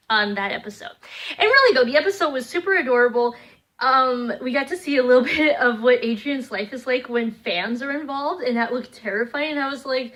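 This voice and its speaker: A young woman chatting casually into her camera, reviewing episodes she just watched. Her voice sits a little high, and she talks in an animated way, often dropping into playful quoted voices. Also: moderate pace. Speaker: vlogger reviewing a cartoon series. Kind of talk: casual reaction chat.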